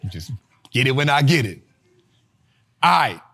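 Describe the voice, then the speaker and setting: A man, lecturing a class on investing in an animated way and talking straight to his audience. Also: mid-range voice, unhurried, vocal fry. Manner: animated, talks straight to the audience, acts out students' voices. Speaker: investing teacher and show host.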